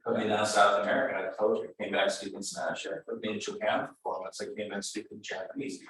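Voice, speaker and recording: A man's voice: lowish voice, fast talker. Blunt Californian man, echoey and distant. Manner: blunt, animated, retells stories with acted quotes. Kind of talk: casual coaching talk. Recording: echoey room, voice from far off.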